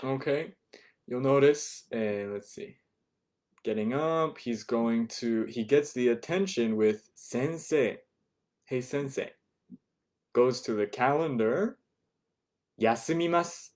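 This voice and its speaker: Here a man with a medium-pitched, somewhat mellow voice leads an online language class for beginners. Patient in his explanations, he often adds "right?" and repeats phrases slowly so learners can follow.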